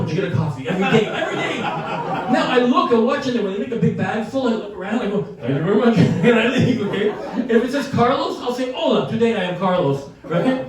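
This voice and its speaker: Animated, fast-talking older man, echoey stage. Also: very high voice. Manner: brash, profane, laughing through his lines. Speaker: stand-up comedian. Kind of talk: stand-up storytelling. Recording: echoey room from far off.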